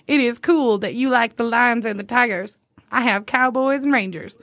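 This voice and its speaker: A woman's voice: a little high, unhurried, long pauses, a bit bright, dry recording, studio quality. A young woman co-hosting a podcast, casually reading dating-app messages aloud and giggling often. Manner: giggly, often laughing while telling a story. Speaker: podcast co-host.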